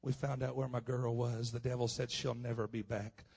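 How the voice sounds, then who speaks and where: A man preaching a personal testimony at a conference. He is impassioned and swings from hushed telling to loud outbursts. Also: medium pitch, little pitch movement, normal speed, vocal fry, husky. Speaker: pastor. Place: conference hall.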